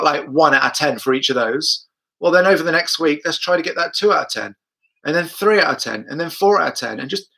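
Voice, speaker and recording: Bright-voiced man teaching dog training. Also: fairly high pitch, creaky. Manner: chatty, repeats himself, acts out the dog's thoughts in quotes. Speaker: dog trainer hosting a live Q&A. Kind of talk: live-streamed teaching and Q&A.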